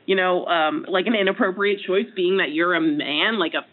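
A woman in her twenties, a games reporter, chatting casually and quoting herself with animated lifts in pitch. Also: normal speed. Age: 20s. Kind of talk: casual chat. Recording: tinny phone line.

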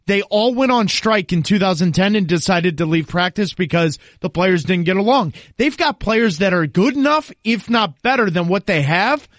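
Man, high pitch, emphatic, confident soccer analyst, podcast chat, dry studio sound. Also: lively intonation, normal speed, few pauses, dry recording. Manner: emphatic, confident, explains at length.

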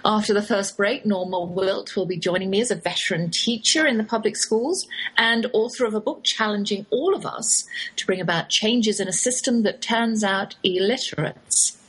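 A woman's voice: mid-range voice, moderate pace, a bit bright, husky, rough recording. A woman with an English accent hosting a chatty radio talk show, wry and full of British turns of phrase. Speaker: host. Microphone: studio microphone in a home office.

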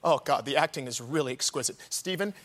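A man chatting as a talk-show guest, animated and quick, slipping into little voices and laughter. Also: mid-range voice, very noisy. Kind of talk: comedic talk-show chat. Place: TV studio with audience.

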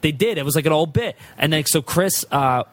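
A man's voice: fairly high pitch, animated, a bit bright, no room sound. A young adult man, a sitcom actor, telling stories in a casual podcast chat, swearing freely. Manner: rapid, profane storytelling.

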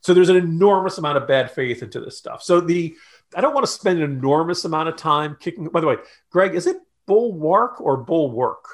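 A man co-hosting a political podcast, talking loosely and mockingly, jumping up in pitch to mimic the views he scoffs at. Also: quick pace. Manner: sarcastic, mocking quotes in a raised voice; loose and conversational with restarts. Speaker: podcast co-host.

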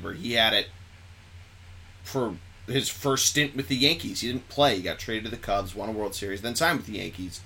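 A man hosting a podcast, chatting casually and excitably about sports, rambling and correcting himself as he goes. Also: lowish voice. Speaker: podcast host.

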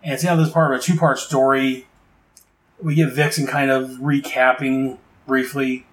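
In a casual, rambling way, a man recaps and reviews a comic book in an ordinary mid-pitched, level voice. He fills gaps with fillers and eager asides about his favorite scenes. The recording is rough, with an echoey room.

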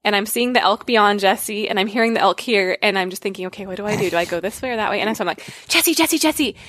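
A woman's voice: mid-range voice, fairly even intonation, racing, fairly bright tone, no echo. A woman telling a story in casual conversation, acting out quotes and laughing often. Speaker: guest.

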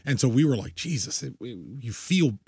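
A man co-hosting a podcast in relaxed chat, quick with asides and the odd curse. His voice is husky and middle in pitch. The sound is dry and close. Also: no room sound. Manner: loose, swearing, quick asides. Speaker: podcast co-host. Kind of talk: casual chat.

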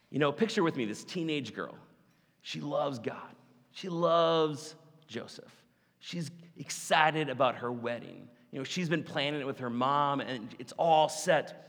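A male pastor preaching a sermon, animated and conversational, in a church hall with long reverb. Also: mid-range voice.

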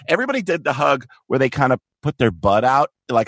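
Lively middle-aged man guest. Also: on the high side, quick pace, hardly any pauses, no room sound, studio quality. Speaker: podcast guest. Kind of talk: comedic podcast chat.

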